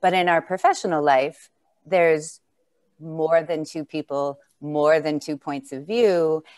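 A woman's voice: sits low, fairly even intonation, takes it slowly, a little mellow. A woman from the United States, a conference speaker, answering a host over a video call in a thoughtful, appreciative way. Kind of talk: conversational interview answers.

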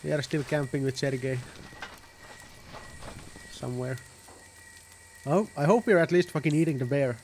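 A man's voice: on the high side, moderate pace, long pauses, a little mellow, slight background noise. A man doing casual let's-play commentary, sarcastic and swearing as he laughs at the game. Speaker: gameplay commentator.

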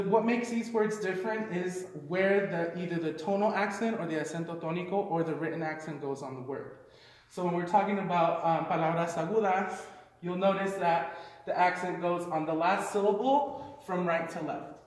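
Man, high voice, casual teacher, explanatory, heavy room echo, far from mic. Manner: casual, explanatory, uses fillers. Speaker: Spanish teacher. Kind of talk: classroom lesson.

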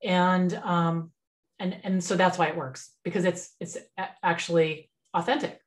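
A woman business mentor giving a relaxed, conversational webinar over a computer mic, with lots of fillers and restarts. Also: lowish voice, unhurried.

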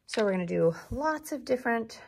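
A woman teacher giving a slow, encouraging recorded lesson to young children, prompting them to repeat words. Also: on the high side, expressive, creaky, slight background noise.

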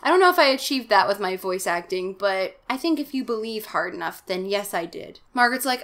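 A woman's voice: medium pitch, animated, moderate pace, hardly any pauses, sharp tone. A young woman hosting a comic reading of a children's horror book, mixing dramatic narration with sarcastic, irreverent asides and putting on exaggerated voices for the characters. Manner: sarcastic, irreverent commentary with profanity.

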